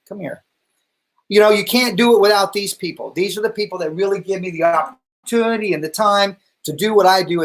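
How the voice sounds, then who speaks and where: A middle-aged man hosting a hair education livestream, enthusiastically thanking viewers and calling out to his family off camera. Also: sits high. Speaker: hair education show host. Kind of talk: livestream closing address to viewers.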